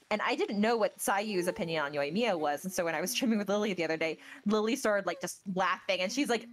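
A woman's voice: mid-range voice, animated, quick pace, hardly any pauses. A woman guesting on a game stream as a voice actor, chatting in a bubbly, gushing way. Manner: bubbly, gushing, lots of fillers. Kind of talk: casual chat on a game stream.

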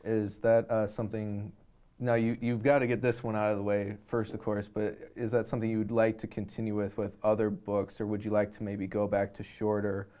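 A male talk show host with a low, mellow voice that stays flat and even. He asks long, wandering questions in a relaxed, casual chat. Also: fairly quick.

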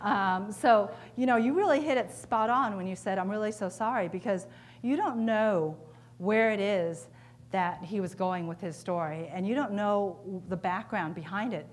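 A woman's voice: medium pitch, unhurried, slight background noise. Conversational woman giving a conference keynote. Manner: conversational, engaging the audience with questions. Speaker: keynote speaker. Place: conference hall.

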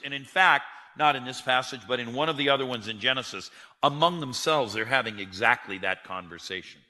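A man's voice: medium pitch, fairly quick, bright, forceful tone. A man preaching a sermon, telling the story with animation and acting out the quotes. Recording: long hall reverb.

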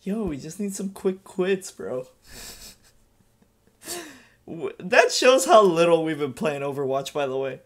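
A young man hosting a casual gameplay commentary with a friend, energetic and swearing freely. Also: on the high side, takes it slowly, long pauses. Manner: energetic, loud, swearing banter. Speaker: gaming channel host.

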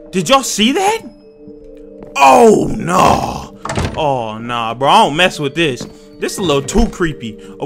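A young gaming YouTuber with a high voice plays a horror game, talking to his viewers in jumpy, excitable commentary full of slang.

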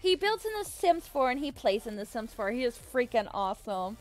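A woman's voice: on the high side, sing-song, fairly quick. A young adult woman chatting casually with viewers on a live stream, bubbly and giggly, thanking them effusively. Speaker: livestreamer.

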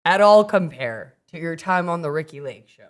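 A podcast co-host in casual chat who reacts with expressive, exclamatory comments. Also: mid-range voice, moderate pace.

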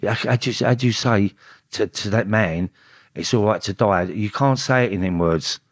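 A middle-aged man, a podcast guest telling a personal story in a halting way, full of restarts and repeated words. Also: on the low side, no echo, studio quality.

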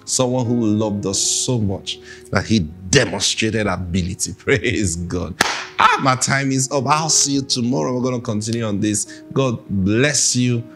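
A man's voice: fairly low pitch, measured pace, a bit bright, soft background music. A man preaching a sermon, emphatic and repeating phrases for stress.

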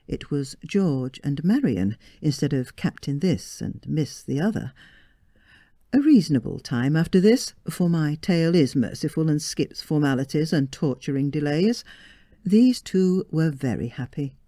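Slow, expressive woman story reader. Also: sits low, no room sound, clean studio sound. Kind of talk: reading a story aloud.

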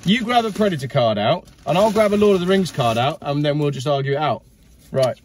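A talkative middle-aged man hosting a relaxed chat, enthusiastic and quick to laugh. His voice sits a little high. A faint hiss of noise runs under it. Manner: chatty, enthusiastic, laughs easily. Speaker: host. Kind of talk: casual chat.

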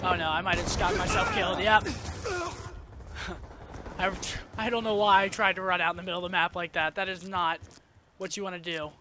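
High-voiced young man, excitable gamer commentary. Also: fast talker. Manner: excitable, swears a lot, flares into frustrated outbursts. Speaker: gamer commentating his own match. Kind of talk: live gameplay commentary. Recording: noisy game sound underneath. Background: game gunfire and effects.

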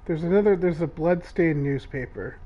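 A man's voice: fairly high pitch, highs cut off. A man co-hosting a horror game stream in casual chat, swearing often as he plays. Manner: swears a lot, drawn-out and anxious. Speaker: co-host playing a horror game.

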